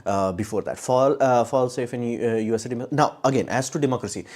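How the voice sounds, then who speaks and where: A man's voice: mid-range voice, a little fast, a little mellow. A man giving casual live-stream commentary in a blunt, sarcastic way, rambling with many restarts. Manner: blunt, sarcastic, mocks views in put-on quotes.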